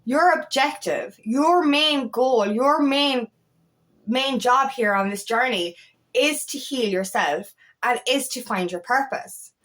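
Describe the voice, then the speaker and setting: A woman's voice: high voice, takes it slowly, a bit bright. A woman coaching on twin flame journeys, talking straight to her viewers in a blunt, emphatic way and swearing freely. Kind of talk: unscripted spiritual talk to camera.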